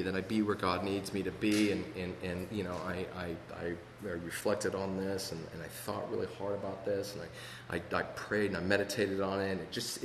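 A fairly low-voiced man shares his recovery story in an earnest, halting way, circling back with repeated words and restarts. His voice rings out through a large, reverberant hall, with a faint hum of room noise behind him. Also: fairly bright tone. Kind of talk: personal testimony talk.

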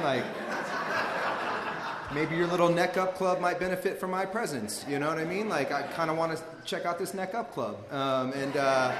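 A man tells a personal story in a laid-back, slangy ramble, peppering it with "like" and "you know." His mid-range voice rings through a large hall with a long reverb tail and a faint room hum behind him. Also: medium pitch.

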